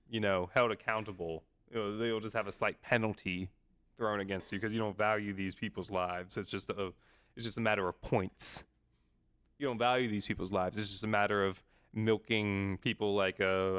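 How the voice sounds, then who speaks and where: A man's voice: fairly low pitch, steady tone, normal speed, fairly bright tone, smooth. Playful man streaming from home. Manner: playful, laughs often, talks baby-talk to his dog. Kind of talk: casual live stream chat and reading aloud. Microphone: desk microphone.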